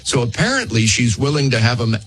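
A man's voice: mid-range voice, big pitch swings, low-quality recording. Male co-host, mid-range voice, wry banter. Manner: quick, wry commentary. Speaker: radio co-host. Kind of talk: morning radio banter.

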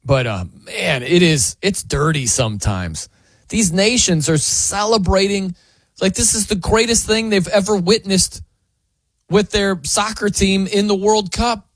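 A man hosting sports talk radio, chatty and animated, often laughing as he tells the story. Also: high-pitched, measured pace, no echo. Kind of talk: casual sports talk monologue.

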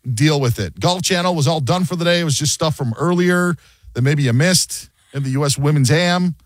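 A man's voice: fairly high pitch, a little fast, no room sound. A man hosting a sports radio show, chatting casually and joking, often acting out quotes. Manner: animated, jokey, acts out quotes.

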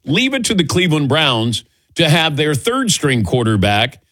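A man hosting a sports talk radio show, chatting casually and telling animated stories with quick laughs. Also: on the high side, no echo. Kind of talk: casual morning radio banter. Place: radio studio.

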